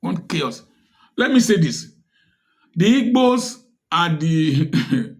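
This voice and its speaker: A Nigerian man talks straight to his audience, pressing his point home with one rhetorical question after another. His voice sits a little high for a man, and he takes his time, leaning on each phrase with slow, preachy emphasis. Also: very animated. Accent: Nigerian English. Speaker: commentator. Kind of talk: direct-to-camera social commentary.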